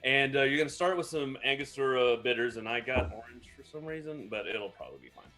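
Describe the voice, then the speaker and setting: Bright-voiced man rambling through a recipe. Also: medium pitch, expressive, quick pace, soft background music. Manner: rambling, self-mocking explanations. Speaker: co-host mixing cocktails. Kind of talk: casual live-stream chat.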